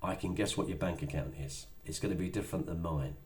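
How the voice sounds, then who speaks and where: A middle-aged business trainer gives a chatty, motivational sales talk, acting out little dialogues along the way. His voice is low-pitched and darkish, and he speaks quickly.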